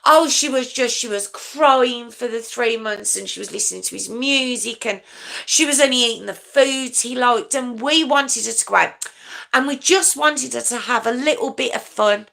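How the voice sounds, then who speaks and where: A woman's voice: on the high side, vocal fry, bright, forceful tone, voice pushed up. A woman putting on a stammering, flustered mother. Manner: rushed, stammering, repeating herself. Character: flustered middle-aged mother rambling excuses.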